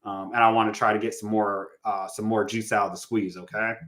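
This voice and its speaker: A man coaching listeners in a relaxed, conversational way, calling them guys and acting out sample phone lines. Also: on the low side, fairly quick. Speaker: real estate coach. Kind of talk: casual teaching monologue.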